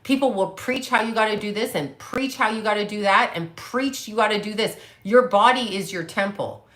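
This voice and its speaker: A woman's voice: medium pitch, normal speed, fairly bright tone. A woman in her late fifties chatting casually on a livestream, reading viewer comments and answering them bluntly with plenty of swearing. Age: 50s. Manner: blunt, profane, talks back to commenters. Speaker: psychic medium livestream host.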